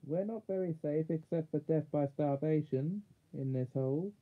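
A man's voice: a little high, normal speed, close to an everyday voice. A man voicing a gloomy male marsh creature who grumbles mournfully, in a storybook reading. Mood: glum. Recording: narrow phone-like sound.

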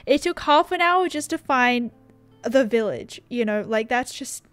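A woman's voice: on the high side, expressive, a little slow, clear, resonant tone, soft background music. A young woman giving casual gameplay commentary, bubbly and gushing. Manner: bubbly and gushing, with many "oh my gosh" exclamations. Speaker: gaming YouTuber.

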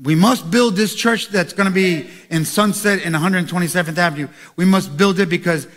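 A pastor preaching a sermon, moving from quiet asides to shouted calls to the congregation. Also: male voice, high-pitched, fairly quick.

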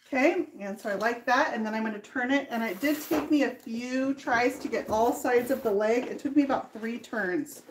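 A woman's voice: a little high, normal speed, few pauses, a little hiss or hum. A woman hosting a live furniture painting demonstration in her workshop, explaining each step in a chatty way and laughing easily. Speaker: furniture painter and tutorial host.

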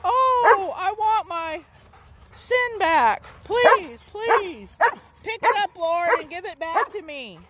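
A whining believer pleads and begs in a squeaky, very high voice, as a woman puts the character on. The begging drawls out slowly, pushed up well above a speaking voice. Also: lively intonation, heavy background noise, heavily acted. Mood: pleading. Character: whiny pleading grown believer begging for sin.

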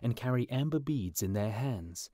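A man reading a fairy tale aloud as a storyteller, in slow, clear scripted narration for English learners. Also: medium pitch, expressive, warm tone, no echo, studio quality.

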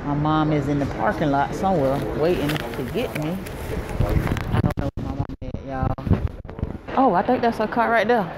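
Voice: mid-range voice, expressive, moderate pace, heavy background noise. A vlogger, rambling casually straight to the viewers through a handheld phone camera. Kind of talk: casual vlog talk to viewers.

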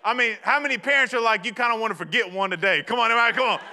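A man, preaching a sermon in a chatty, storytelling way that rises to shouts. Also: extremely high pitch, rapid-fire, vocal fry. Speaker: pastor.

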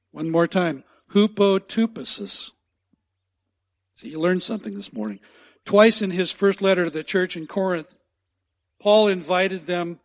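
Earnest high-voiced male pastor preaching. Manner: earnest, repeats key phrases for emphasis. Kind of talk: sermon. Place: church sanctuary.

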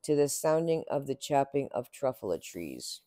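A man's voice: medium pitch, very animated, normal speed, mellow, dry recording. Man reading a rhyming storybook aloud. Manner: rhythmic, sing-song rhyming delivery. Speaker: storybook reader. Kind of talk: children's read-aloud narration.

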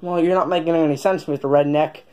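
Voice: medium pitch, steady tone, fast, a little mellow, slight background noise, close to an everyday voice. A performer voicing a naive, mischievous young boy in a comedic puppet skit, talking in a plain, whiny, matter-of-fact way.

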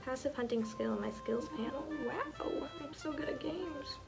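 An excitable young woman in her twenties chatters through a game, gasping and swearing as she goes. Her voice sits a little high, and game music plays clearly under her talk. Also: a little slow. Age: 20s. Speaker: gamer. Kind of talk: let's play commentary.

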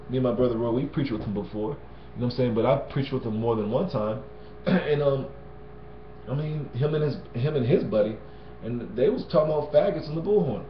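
A man's voice: mid-range voice, a little hiss or hum. A man giving a casual Bible teaching in a slangy, conversational way, often adding "you know what I'm saying" and "man.". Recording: roomy, dull lo-fi sound.

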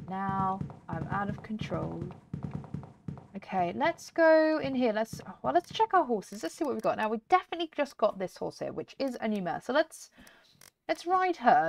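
This creaky, mid-range female voice belongs to a gaming video host who talks her viewers through a game in a relaxed, chatty way, with frequent laughter. The recording has light background noise and some clicks.

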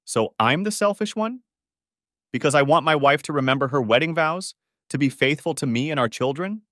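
A man's voice: a little high, expressive, moderate pace, a bit bright, dry recording, studio quality, voice pushed up. A man voicing a bitter husband who speaks coldly and sarcastically to his wife in an audiobook story. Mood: cold, cutting. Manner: cold, cutting, sarcastic.

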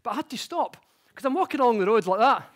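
A man giving a conference talk, mixing explanation with chatty, self-mocking personal stories that grow animated. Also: very high-pitched, fast talker. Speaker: conference speaker. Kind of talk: public talk with personal anecdotes. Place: conference stage before an audience.

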